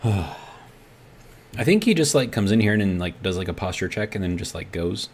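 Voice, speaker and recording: Low-voiced man streaming a game. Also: big pitch swings, normal speed, a little mellow. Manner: rambling, thinks aloud, reads chat messages. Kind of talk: live gameplay commentary.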